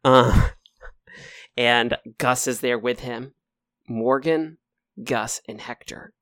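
A man runs a tabletop game as dungeon master, lively and jokey, his speech tumbling into quick bursts. His voice sits mid-pitch and the recording is dry and close. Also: no room sound.

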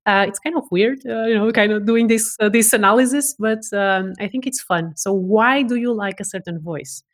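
A woman talking as a voice expert in a relaxed interview. She is eager and animated in her explanations, often restarting and repeating words as she goes. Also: mid-range voice, moderate pace. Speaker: voice expert guest. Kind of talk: casual interview chat.

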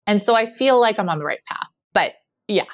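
A woman in her forties talking casually as a podcast guest, animated, acting out quoted dialogue and often saying "like". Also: medium pitch, fairly quick. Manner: animated storyteller who acts out quoted dialogue; frequent filler 'like'. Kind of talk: casual conversation.

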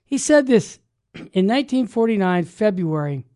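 A man hosting a religious talk radio show, teaching with fervent emphasis that builds to loud exclamations. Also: high-pitched, sing-song, normal speed.

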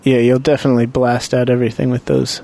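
A man's voice: mid-range voice, level tone, quick pace, creaky, warm tone. A man playing a tabletop game, chatting casually and joking playfully. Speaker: player. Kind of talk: casual tabletop role-play chat.

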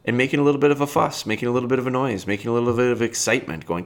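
A man talking casually as a dog trainer, plain-spoken and relaxed, who breaks into high excited calls to show how to call a puppy. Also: rapid-fire, hardly any pauses. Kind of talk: casual advice talk.

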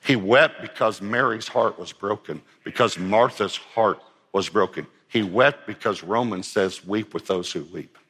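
A man's voice: fairly low pitch, unhurried, a bit bright, slightly rough, long reverb tail. A man preaching a sermon as pastor, earnest and emphatic, driving points home with repeated phrases.

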